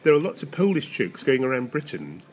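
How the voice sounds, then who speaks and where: A man chatting casually on a podcast, eager and quick, with chuckling asides. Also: medium pitch, big pitch swings, a little hiss or hum.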